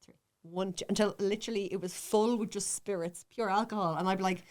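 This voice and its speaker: An Irish woman in her thirties, a comedy podcast co-host telling animated, self-mocking stories in casual chat. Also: medium pitch, fast talker. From Ireland.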